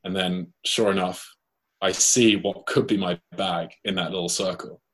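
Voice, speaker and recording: A man with a British accent, a guest telling a lively anecdote in casual chat and acting out the quoted lines. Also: deep voice, normal speed. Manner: lively anecdote, acts out his own and others' quoted lines. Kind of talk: casual storytelling.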